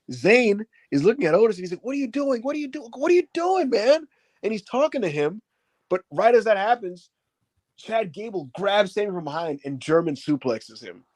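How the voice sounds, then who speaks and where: A man with a slightly higher voice, recorded close and dry, recaps a wrestling show in loose, casual chat. He fills the gaps with "uh" and "like". He bursts into high, shouted impressions whenever he quotes someone. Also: dry recording. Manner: animated retelling, acts out quotes in raised shouts.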